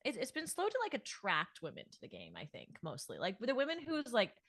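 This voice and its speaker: A woman's voice: on the high side, wildly swooping pitch, a little fast, a bit bright, no echo, clean studio sound. A woman co-hosting a podcast, talking casually, thinking aloud with fillers and laughing easily. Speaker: podcast co-host.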